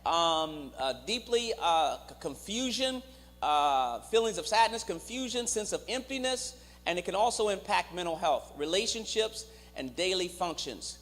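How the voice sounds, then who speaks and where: A man's voice: high-pitched, sing-song, measured pace, a bit bright. A man, a clinician, giving a teaching to a church congregation, speaking to the listeners directly and asking them to repeat words back to him. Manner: engages the audience directly, acts out quoted voices. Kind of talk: church teaching with call-and-response. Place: church sanctuary. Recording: reverberant church hall on a live stream.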